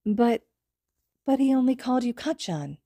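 A woman's voice: a little high, animated, moderate pace, warm tone, no echo, pitched above the performer's own voice. A woman voicing a sweet, earnest four-year-old boy who stammers when upset, in a fan audiobook reading.

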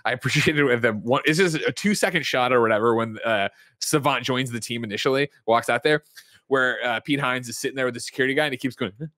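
Fast-talking man recapping a movie. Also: medium pitch, sharp tone, no echo, clean studio sound. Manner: rambling, profane storytelling. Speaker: podcast host.

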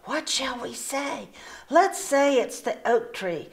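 A woman reading a storybook aloud and voicing two proud, vain older sisters who talk in high, showy voices. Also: animated, takes it slowly, a little mellow. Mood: flustered. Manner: haughty, boastful, high-pitched, then flustered stammering.

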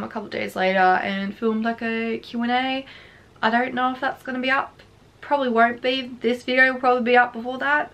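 A woman's voice: medium pitch, a bit bright. Young woman, craft vlogger, short of breath, chatty and rambling, casual to-camera talk. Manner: chatty, rambling, laughs often.

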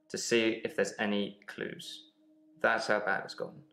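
Weary grieving man in a game, low, gravelly, echoey. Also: measured pace, slight background noise. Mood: wry. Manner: weary, flat, subdued. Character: grieving man reliving the same day, weary.

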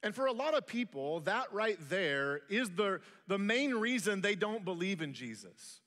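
Bright, high-voiced pastor in an echoing hall. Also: male voice, sing-song, moderate pace. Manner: humorous storytelling. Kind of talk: sermon.

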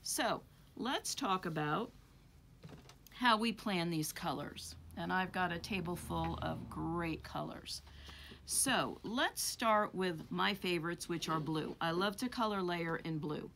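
A woman's voice: fairly low pitch, takes it slowly, vocal fry, a bit bright, slight background noise. A woman teaching rug hooking, talking through her choices as she handles and arranges wool in a chatty way. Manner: chatty, thinking aloud while handling wool. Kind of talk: hands-on craft demonstration.

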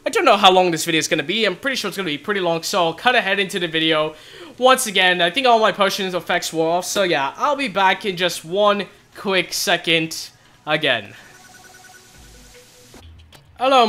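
A young man giving excited commentary on his own gameplay, often exclaiming and shouting as things happen. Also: high-pitched. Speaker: gaming video host.

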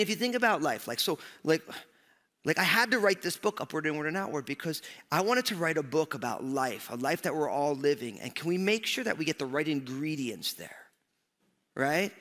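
Animated New pastor in a big hall. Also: male voice, on the high side. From New Jersey, USA. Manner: animated, joking, lots of fillers. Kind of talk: storytelling sermon. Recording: long hall reverb.

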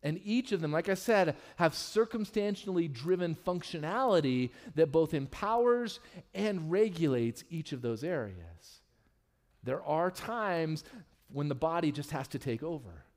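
Candid, joking male pastor preaching. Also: a little slow. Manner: candid and humorous, with lively swings in pitch and loudness. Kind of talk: sermon. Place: church sanctuary.

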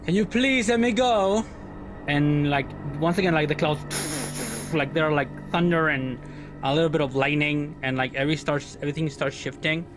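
A man's voice: on the high side, steady tone, normal speed, music in the background. A man narrating as game master of a tabletop game, rambling and searching for words with lots of fillers.

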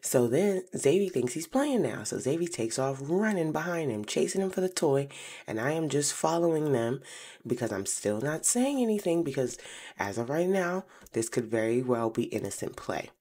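A young woman, telling a personal story on her podcast in an animated way, slowing to hushed asides. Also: sits low. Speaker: podcast host.

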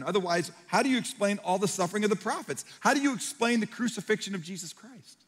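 A man's voice: high voice, lively intonation, fairly quick, hardly any pauses, husky. Emphatic preaching man in a reverberant hall. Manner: swings from hushed to loud, emphatic preaching. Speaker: pastor. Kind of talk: sermon.

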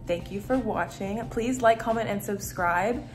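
A young woman making candied grapes in a casual cooking vlog, nervous and excited, laughing often and filling her talk with "like". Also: mid-range voice, measured pace, soft background music. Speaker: food vlogger.

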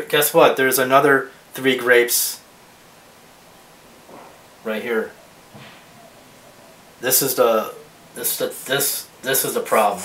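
Art teacher thinking aloud in a roomy echo. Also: male voice, medium pitch, fairly bright tone. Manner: thinking aloud, rambling with restarts. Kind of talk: drawing demonstration. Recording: roomy echo, mic at a distance, faint hiss.

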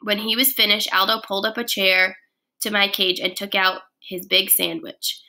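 A woman, a first grade teacher, reading a children's chapter book aloud in an expressive, lively way. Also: mid-range voice, normal speed.

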